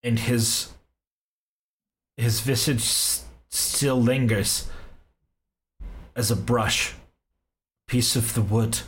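A man as game master, narrating a tabletop game in deliberate storytelling with pauses. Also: medium pitch, fairly even intonation, poor audio.

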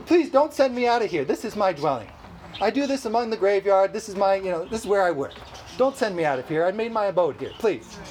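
Brief: a whiny, begging demon voiced by a man mid-sermon, high-pitched. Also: sing-song, brisk, darkish tone, a little hiss or hum. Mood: pleading. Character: pleading male demon clinging to his home.

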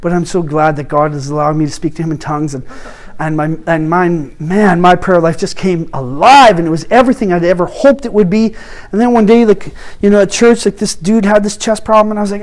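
A man teaching a workshop, telling his own story with animated, acted-out dialogue that swings between hushed asides and loud bursts. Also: high voice, normal speed. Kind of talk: testimony-style teaching talk.

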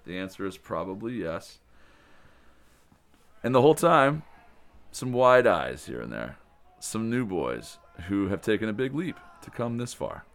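Guy running a summer camp rambling happily about the day, lowish voice, lots of restarts. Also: very animated, measured pace, vocal fry, pauses often. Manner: rambling, enthusiastic storytelling with restarts. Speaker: camp director. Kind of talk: casual spoken recap of the day.

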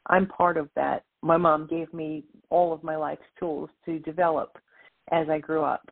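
A woman guest telling a lively story about her life in an interview, acting out the voices of others as she goes. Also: low-pitched, normal speed, creaky. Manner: animated storyteller, quotes voices. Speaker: author and guest. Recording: tinny phone line.

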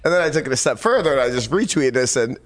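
A man's voice: mid-range voice, expressive, very fast. A male host chatting casually and easily, laughing and swearing now and then. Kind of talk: casual chat.

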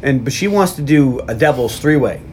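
A man at a middle pitch talks loosely through a film's plot, joking as he goes. He breaks into quick acted quotes from the characters. A faint hiss of noise sits behind him. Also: lively intonation, a little mellow. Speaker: podcast host recapping a film. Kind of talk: casual chat.

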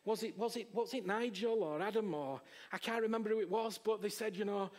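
A man delivering a sermon in a notably high voice. He preaches with passion and keeps pressing the congregation with questions. His delivery swings between hushed near-whispers and loud exclaiming. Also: brisk. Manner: impassioned, with repeated rhetorical questions to the audience.

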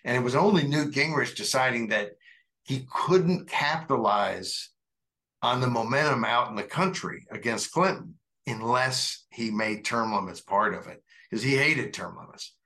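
A man chatting about politics on a talk show, his voice bright and forward. He talks conversationally, circling back with plenty of "uh" and restarts. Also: mid-range voice, animated, normal speed. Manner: conversational, meandering with frequent fillers. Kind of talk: casual political discussion.

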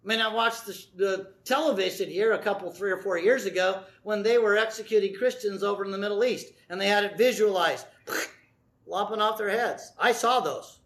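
A man preaching a sermon as pastor, emphatic, swinging between loud declarations and hushed lines. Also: high-pitched, normal speed.

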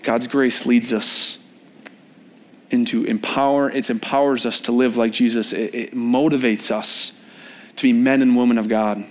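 Young male preacher, casual and animated. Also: mid-range voice, measured pace. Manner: informal, joking with the congregation, rising to animated emphasis. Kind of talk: conversational sermon. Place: church service.

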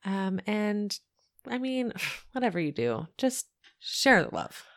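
A woman's voice: mid-range voice, very animated, slow, fairly bright tone. A woman co-hosting a podcast in playful casual chat, wrapping up the episode. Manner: playful, upbeat sign-off. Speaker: podcast co-host.

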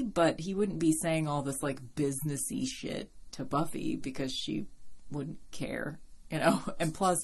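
A woman with a notably low voice talks through her podcast in an easy, rambling way. She laughs often, drifts into side tracks and swears casually, recorded at home. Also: vocal fry, slightly rough. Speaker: podcast host. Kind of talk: casual chat.

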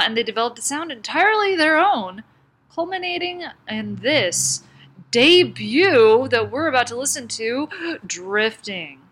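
A woman's voice: medium pitch, a bit bright. A woman co-hosting a casual podcast, introducing bands in a rambling, giggly way and swearing casually. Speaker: podcast co-host presenting bands. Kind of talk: casual chat.

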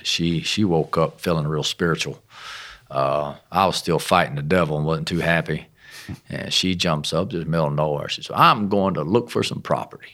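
A middle-aged American man, a missionary guest, telling a personal story in a casual, animated way with self-deprecating humor. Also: extremely low pitch, moderate pace. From United States.

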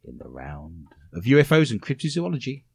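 A man's voice: medium pitch, wildly swooping pitch, brisk, breathy edge, no echo. A middle-aged man hosting a comedic paranormal radio show, teasing his co-hosts and laughing often. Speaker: host.

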